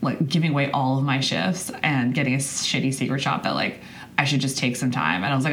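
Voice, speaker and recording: A young woman with a strikingly deep voice hosts her own podcast in a loose, personal monologue. She rambles candidly, restarts her sentences and swears now and then. A faint noise sits underneath the recording. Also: animated, a little fast. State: choked up. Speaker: podcast host.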